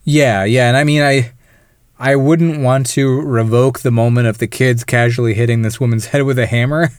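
A man's voice: medium pitch, smooth, no room sound, clean studio sound. A man co-hosting a podcast, chatting casually about a film and acting out lines from it. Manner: animated, mimics characters in quick asides. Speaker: podcast co-host.

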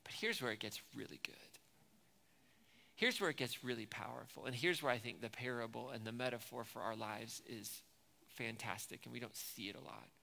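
Bright, gravelly-voiced preacher in a reverberant hall. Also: male voice, medium pitch, normal speed. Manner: retells movie scenes, acting out lines with rising intensity. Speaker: pastor. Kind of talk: sermon.

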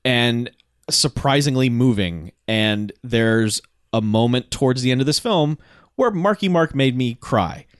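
A man's voice: medium pitch, expressive, measured pace, dry recording, clean studio sound. A man co-hosting a podcast, reviewing a film in rambling, profane, enthusiastic chat. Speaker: podcast co-host. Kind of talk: casual movie review chat.

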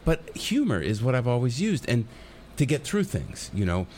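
A man's voice: mid-range voice, normal speed, slight background noise. A middle-aged man, a comic actor, telling stories casually in an interview and acting out the voices. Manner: animated, acts out voices in his stories. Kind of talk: casual storytelling in a podcast interview.

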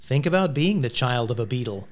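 A man's voice: medium pitch, lively intonation, a little fast. A man co-hosting a casual music chat show, bantering in a wry, joking way. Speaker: radio co-host.

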